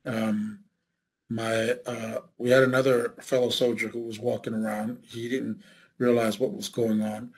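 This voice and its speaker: A man recounting his military service in an oral history interview, speaking haltingly with many fillers and restarts. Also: medium pitch, level tone, husky, poor audio.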